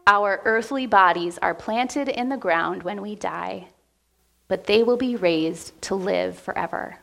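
Woman preacher in church, slow heartfelt sermon, bit of vocal fry. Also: medium pitch, a bit bright. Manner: emotional, heartfelt preaching with pauses. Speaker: pastor. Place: church sanctuary.

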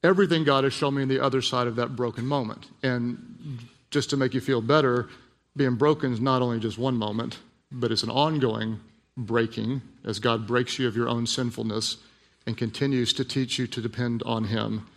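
A man preaching a sermon, telling a personal story in a hushed voice and then building to emphatic, repeated lines. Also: medium pitch, fairly even intonation, normal speed. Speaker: pastor. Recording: long hall reverb.

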